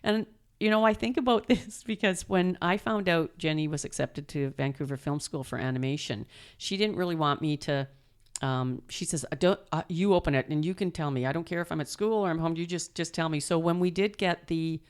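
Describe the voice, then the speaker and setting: A middle-aged woman telling animated stories as an interview guest, laughing often and acting out quotes. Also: low voice, a little fast, clear, resonant tone. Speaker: guest, mother and performer. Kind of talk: storytelling interview.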